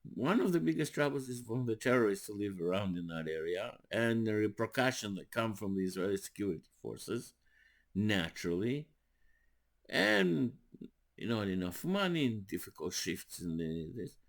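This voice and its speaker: An older man, a rabbi, telling stories in a sermon with animated, rising emphasis. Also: fairly low pitch, normal speed, vocal fry. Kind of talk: storytelling sermon.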